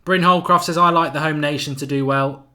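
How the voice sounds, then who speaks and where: A man's voice: a little high, fairly even intonation, fairly quick, bright, forceful tone. A man hosting a live football watchalong, chatting casually and reading out viewer comments. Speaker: watchalong host.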